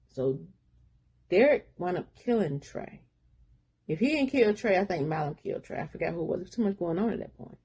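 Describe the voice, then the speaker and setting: Husky woman casually recapping a book. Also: on the low side, lively intonation, normal speed, long pauses, warm tone. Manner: rambling retelling with slangy asides. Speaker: book reviewer.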